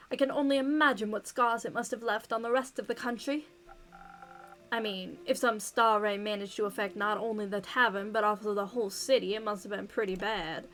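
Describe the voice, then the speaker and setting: A woman's voice: medium pitch, fairly bright tone, slight background noise, close to an everyday voice. Woman doing a blunt, money-minded mercenary. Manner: blunt, flippant.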